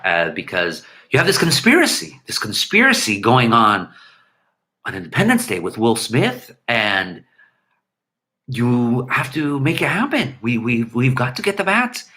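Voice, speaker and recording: A man doing a halting, low-voiced impression of a male actor, breaking up and repeating his words in a hushed tone. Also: wildly swooping pitch, heavily acted. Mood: musing.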